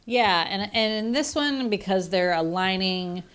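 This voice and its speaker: A woman's voice: medium pitch, lively intonation, a little slow, fairly bright tone, clean tone. A woman co-hosting a podcast, talking over a film in casual chat and thinking aloud as she goes. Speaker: podcast co-host.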